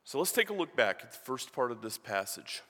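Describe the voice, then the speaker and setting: A man's voice: mid-range voice, very animated, fairly quick, pushed and bright. A man giving a sermon as a guest preacher in a church, telling a joke and reading scripture in a conversational, storytelling manner. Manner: conversational, storytelling with acted voices. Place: church sanctuary. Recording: long reverb of a church hall.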